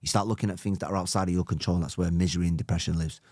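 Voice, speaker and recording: Podcast host and coach, Manchester man, low voice, encouraging, dry sound. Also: fairly even intonation, very fast, a little mellow, dry recording. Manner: reflective, encouraging, many "like" fillers. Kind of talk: casual podcast chat.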